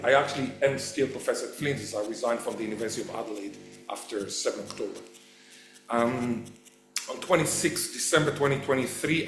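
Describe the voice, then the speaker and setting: Man lecturing in an echoey hall. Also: mid-range voice. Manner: animated storyteller, quotes voices, restarts. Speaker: professor and lecturer. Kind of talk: public lecture. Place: event hall.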